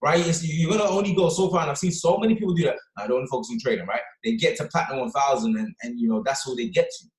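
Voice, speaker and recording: A fast-talking man with a slightly high voice delivers a motivational talk to his team. He drives his points home with constant "right?" and "okay?" tags. The sound is echoey, like a bare room. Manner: energetic, punctuates with "right?" and "okay?". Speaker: motivational speaker on a team call. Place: office or London.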